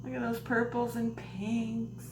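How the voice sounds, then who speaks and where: A woman's voice: fairly high pitch, flat delivery, unhurried. A woman vlogger chatting through a crochet mail unboxing, gushing and giggly. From Canada. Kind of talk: casual unboxing vlog. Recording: echoey room with noise.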